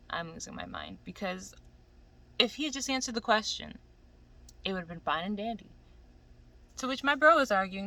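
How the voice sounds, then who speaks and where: A woman's voice: medium pitch, normal speed, pauses often, low-quality recording. A woman giving a casual, profane, exasperated rant about an anime she is watching. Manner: animated, profane, exasperated ranting. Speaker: anime commentator. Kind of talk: casual ranting commentary.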